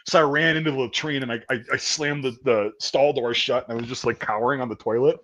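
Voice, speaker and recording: A man telling a basic-training story in casual chat, profane and animated, acting out the quotes loudly. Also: medium pitch, fast talker, lo-fi sound. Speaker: podcast host telling a story.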